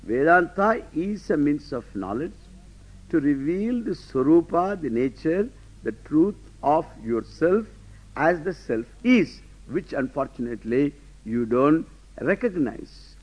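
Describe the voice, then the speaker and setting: A man's voice: a little high, sing-song, a little slow, slightly rough. A man teaching a lecture class, emphatic, often asking rhetorical questions and laughing to himself. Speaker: Vedanta teacher. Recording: dull lo-fi lecture recording.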